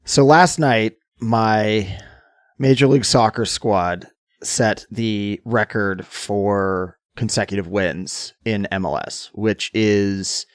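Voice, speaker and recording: A hoarse man co-hosting a podcast, explaining things in casual chat and getting animated at times. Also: lowish voice, slow pace, dry recording, studio quality. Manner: explanatory, gets animated and mock-indignant. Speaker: podcast co-host.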